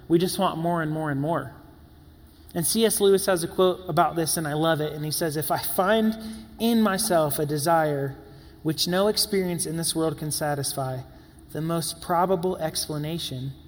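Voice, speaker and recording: Young male preacher with a higher voice, echoing hall. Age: 20s. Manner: conversational, with filler words and playful asides. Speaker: pastor. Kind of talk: sermon.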